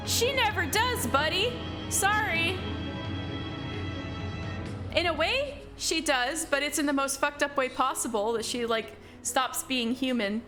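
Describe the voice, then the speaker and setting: A high-voiced woman chatting through a live stream of a story game. She rambles and hesitates as she explains, and faint game music plays underneath. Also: lively intonation, measured pace.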